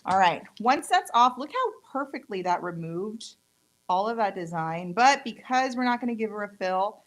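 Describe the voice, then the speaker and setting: On a low-quality recording, a Spanish-speaking nail tech with a Mexican accent jokes and chats as she shows off nail tools in a casual live demo, full of playful asides. Her voice sits at medium pitch with big swings and moves at a moderate pace.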